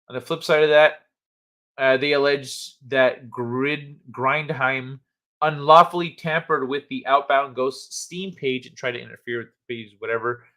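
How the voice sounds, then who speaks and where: Bright-voiced casual male streamer. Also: mid-range voice. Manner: chatty, swears casually, reads articles with asides. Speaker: livestream host. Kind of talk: casual chat reading news and chat aloud.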